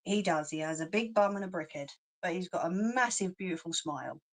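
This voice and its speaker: A woman's voice: lowish voice, fairly quick. A woman with a London accent, chatting casually on a livestream, reading out comments and laughing often with cheeky slang. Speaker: craft channel host.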